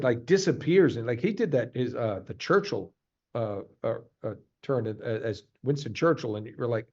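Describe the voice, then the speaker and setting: A voice actor being interviewed, talking in a halting, animated way in casual chat. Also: male voice, mid-range voice. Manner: animated, halting, jumps to quick voice demos. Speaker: voice actor guest. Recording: slightly muffled, lo-fi sound.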